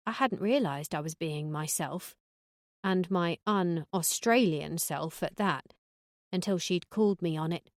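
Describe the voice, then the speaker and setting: A woman's voice: on the low side, a little slow, no echo, clean studio sound. A woman reading first-person narration for an audiobook in a wry, sardonic tone.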